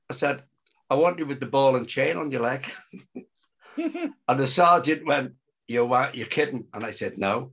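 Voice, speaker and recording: An older man recounts a story in a relaxed, chatty way, switching into the voices of the people he quotes. He talks at a middling pitch, and the recording sounds muffled and lo-fi. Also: normal speed, gravelly, breathy edge. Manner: animated, acts out quotes, laughs often. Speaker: storyteller guest. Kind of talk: casual anecdote telling.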